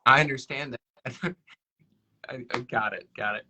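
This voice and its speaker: A man's voice: medium pitch, normal speed, sharp tone, slight background noise. A man hosting a radio show, chatting casually with his twin brother in a playful, joking way.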